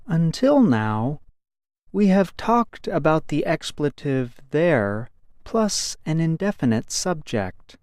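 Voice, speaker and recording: A man narrating a scripted grammar lesson in a slow, careful, explanatory way. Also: on the high side, very animated, a little mellow, no echo, studio quality.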